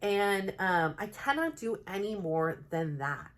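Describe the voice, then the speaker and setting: A woman's voice: medium pitch, big pitch swings, measured pace. A woman and mother talking to camera in a rambling, earnest self-help vlog, heartfelt and full of filler words. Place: home, new plain backdrop.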